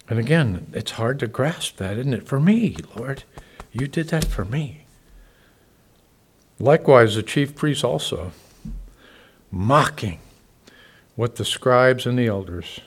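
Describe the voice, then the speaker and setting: A man preaching a sermon, talking conversationally to his listeners, swinging from loud emphatic peaks to soft, quiet asides. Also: mid-range voice, expressive, takes it slowly, long pauses, husky. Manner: conversational, asks the congregation questions. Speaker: pastor.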